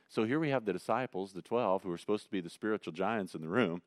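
A man preaching a sermon in a conversational way, swinging between loud emphasis and quiet asides. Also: low voice, expressive, brisk, few pauses, no echo, clean studio sound. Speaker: pastor.

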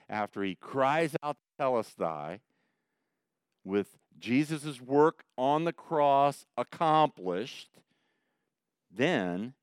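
A man preaching a sermon as pastor, moving between hushed, intense passages and fervent, almost shouted emphasis. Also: mid-range voice, big pitch swings, slow, clear, resonant tone, dry recording. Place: church in Indianapolis.

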